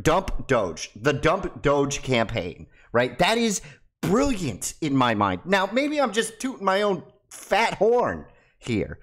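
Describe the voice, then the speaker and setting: A man hosting a casual crypto video, excitable and swearing, his voice jumping high and loud when he gets hyped. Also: takes it slowly. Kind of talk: casual talk to camera.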